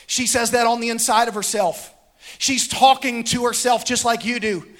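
Man preaching, really high voice, rhythmic and fired up, builds to shouting. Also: steady tone, normal speed. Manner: impassioned preaching, rhythmic repetition, rising to shouts. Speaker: pastor. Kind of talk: sermon. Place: church sanctuary with congregation.

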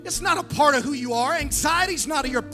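A woman pastor preaching a fervent sermon, calling on the crowd to answer back, with a sing-song, drawn-out phrasing. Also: sits high, bright, forceful tone, soft background music. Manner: emphatic preaching with call-and-response.

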